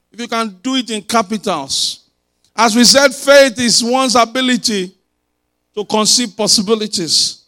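Male preacher, sermon, repeats everything, gets people to say it back, bright high voice. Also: lively intonation, moderate pace. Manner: emphatic with call-and-response and repetition. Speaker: pastor.

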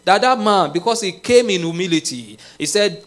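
A man's voice: on the high side, expressive, normal speed, few pauses. A man preaching a sermon, leading the congregation in prayer and building to impassioned, repeated calls. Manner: rising to impassioned shouted prayer, repetitive cadence. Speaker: pastor.

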